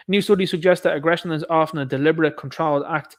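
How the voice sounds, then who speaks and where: An Irish man in casual commentary mode, reading out news headlines and then tearing into them with sarcastic indignation. His voice sits a touch higher than most men's, and he talks straight to his listeners like mates. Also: steady tone, very fast. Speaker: commentary podcast host.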